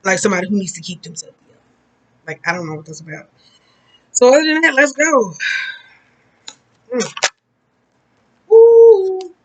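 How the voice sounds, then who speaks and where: A woman's voice: sits high, big pitch swings, normal speed, long pauses, a little hiss or hum, poor audio. Chatty woman reading tarot cards, blunt and swearing, rambles on. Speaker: tarot reader. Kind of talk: casual tarot card reading.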